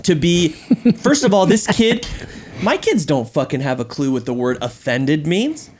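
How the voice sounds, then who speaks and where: High-voiced man telling a rowdy story. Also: a little slow, a little hiss or hum. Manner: animated, profane storytelling with frequent laughs. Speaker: podcast host. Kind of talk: casual chat.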